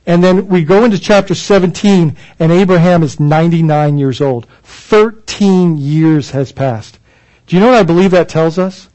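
Man, pastor, sermon, high-pitched voice, earnest, emphatic, repeats words while explaining scripture. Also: normal speed, darkish tone, rough recording.

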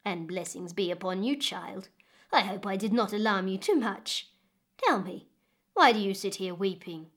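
Quiet calm old hunched granny type, slow and kind, lady putting her on. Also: medium pitch. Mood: gentle. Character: hunched kindly old woman, gentle.

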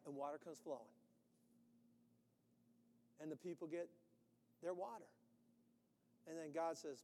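Animated male preacher in a reverberant hall. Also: on the high side, unhurried, pauses often. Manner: animated, acting out quotes with sudden loud bursts. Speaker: pastor. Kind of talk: sermon.

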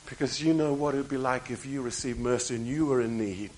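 A man preaching a sermon, moving between raised emphatic lines and hushed, quiet passages and repeating key phrases. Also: mid-range voice, steady tone, fast, few pauses, slight background noise, low-quality recording.

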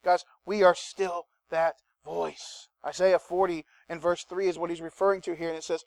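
A man preaches with animated, conversational energy and talks straight to his listeners. His voice sits fairly high for a man. The sound is close and dry, with little room echo. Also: normal speed, gravelly, few pauses. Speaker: pastor. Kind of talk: sermon.

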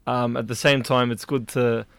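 A man's voice: medium pitch, flat delivery, normal speed, gravelly, clean tone, no room sound, studio quality. A young man, a journalism student co-hosting a casual panel discussion, talking with many ums and restarts. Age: young adult. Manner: hesitant, with fillers and restarts, laughs easily. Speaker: journalism student and show co-host.

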